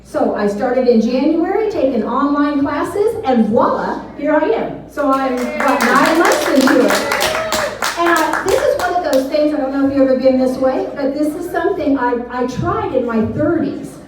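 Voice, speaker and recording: Middle-aged woman comic, high and animated, recorded far off in a very echoey room. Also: moderate pace. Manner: animated, shrieks when quoting herself. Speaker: stand-up comedian. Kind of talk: stand-up storytelling. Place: small venue on stage.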